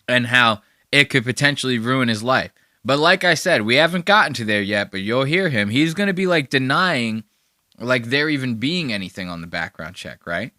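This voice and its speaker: A man hosting a podcast in casual reaction commentary, rambling along and swearing freely. His voice is bright and forward, and the recording is dry and close with no room around it. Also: mid-range voice, expressive, moderate pace, no room sound. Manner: rambling and profane. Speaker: podcast host.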